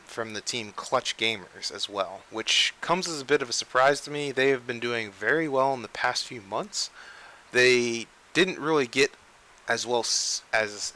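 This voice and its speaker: A young man hosts a casual, unscripted game news show, rambling and constantly restarting and correcting his sentences. His mid-range voice sounds pushed and bright, and the recording is rough.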